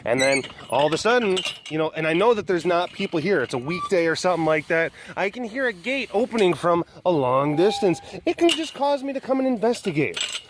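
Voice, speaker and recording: Young guy vlogging outdoors, upbeat and rambly, talks to the cats, voice a bit high. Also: very animated, fairly quick, background noise. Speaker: animal sanctuary vlogger. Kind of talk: casual walking vlog. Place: outdoor big cat compound.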